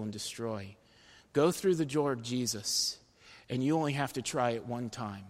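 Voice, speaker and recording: A man preaching a sermon as pastor, earnest, swinging between loud emphatic phrases and soft, low appeals. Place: church sanctuary. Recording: long reverb of a church hall.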